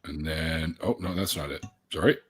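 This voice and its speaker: A man's voice: rumbling low, steady tone, normal speed, husky. A man hosting a casual live stream, chatting and talking a guest through screen sharing. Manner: chatty, guiding guests through tech steps. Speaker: host.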